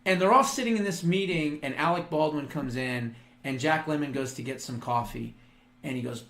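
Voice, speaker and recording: A male show host delivering a crude, emphatic opinion monologue. He slows down and gets loud when he acts out imagined speeches. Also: a little high, expressive.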